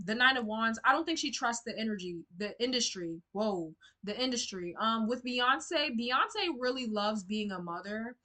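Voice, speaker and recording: Brief: young woman tarot reader talking to camera, blunt and talkative, bright tone. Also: fairly high pitch, expressive, normal speed, hardly any pauses. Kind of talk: casual tarot reading to camera.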